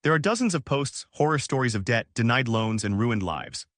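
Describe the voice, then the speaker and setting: Gentle motherly aunt read by a man, soothing, reassuring, lively rising and falling pitch, dry close sound. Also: normal speed, no room sound, lightly acted. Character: kind caring middle-aged aunt, woman.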